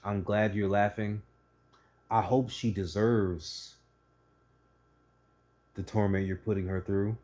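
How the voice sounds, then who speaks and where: Blunt, mellow-voiced man ranting from the couch. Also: lowish voice. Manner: blunt, profane, animated storytelling. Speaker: channel host. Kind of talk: casual opinion monologue. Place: indoors, sitting on a couch.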